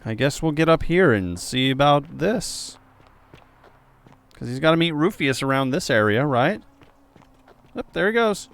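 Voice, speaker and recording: A young man playing a video game and commenting, excitable, jumping from loud yelps to quiet muttering. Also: fairly high pitch, a little slow, gravelly, long pauses. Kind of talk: let's play commentary.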